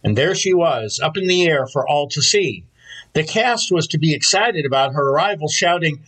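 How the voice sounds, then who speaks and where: A man delivers a Sunday sermon from the pulpit, a pastor telling stories at an unhurried pace. His voice sits a little high for a man and carries a soft, husky edge, with a slight distance in places. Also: lively intonation.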